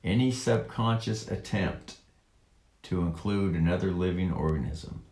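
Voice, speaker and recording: A man slowly reading a text aloud and commenting on it in a rambling monologue, halting with drawn-out words and many fillers. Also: low-pitched, vocal fry, a little mellow, roomy sound. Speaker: online commentator.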